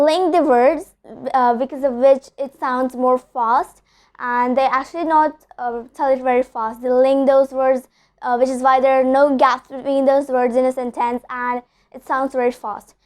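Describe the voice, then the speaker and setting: A woman from India teaching pronunciation rules, repeating example words slowly and often saying "so" and "okay". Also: high voice, flat delivery, darkish tone.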